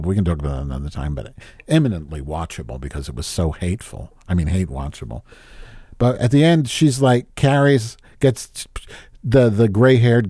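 A man with a low, mellow voice rambles through a profane, griping podcast monologue, his pitch swinging widely as he complains. The sound is dry and close, with no room around him. He sounds like a host talking straight into his microphone. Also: dry recording. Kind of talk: casual rambling monologue and phone chat.

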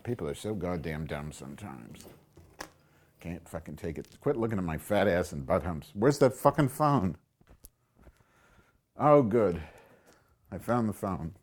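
A man's voice: sits low, darkish tone. Profane man ranting to his viewers. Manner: profane, sarcastic, mock-insulting to viewers; mutters asides while making tea. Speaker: live webcam show host. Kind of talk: crude rambling live-stream chat. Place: home, indoors. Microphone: computer microphone.

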